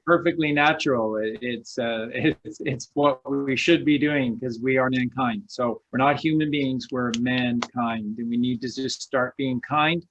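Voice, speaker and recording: A man's voice: mid-range voice, unhurried, few pauses, fairly bright tone. A man with a mid-range voice speaks as a guest over a video call, emphatic and rallying, repeating key phrases. His audio sounds dull and lo-fi. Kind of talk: casual chat.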